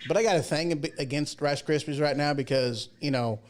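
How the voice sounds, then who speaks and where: A man's voice: fairly high pitch, fairly quick. A man hosting a casual livestream talk show, chatty and folksy, rambling through asides and jokes. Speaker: show host.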